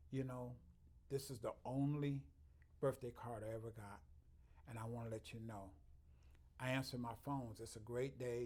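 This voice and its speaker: A man, a chiropractor, talking earnestly in an interview, telling heartfelt stories and quoting the people he has met. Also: mid-range voice. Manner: earnest, heartfelt, often quoting others, laughing at his own stories. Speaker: chiropractor, guest. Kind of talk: conversational interview storytelling.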